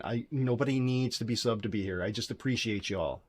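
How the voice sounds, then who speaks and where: A man streaming his game development live, thinking aloud as he works and chatting with his viewers in a relaxed, friendly way. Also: fairly low pitch, brisk. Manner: thinks aloud while coding, mutters to himself; friendly, thanks chat viewers directly. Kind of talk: casual live-stream chat.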